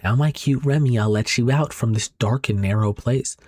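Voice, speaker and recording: A man voicing a deranged, doting middle-aged mother in a dramatic reading of a horror manga, cooing with an eerie calm. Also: medium pitch, normal speed, dry recording, natural voice. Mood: obsessive. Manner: cooing, eerily calm and obsessive.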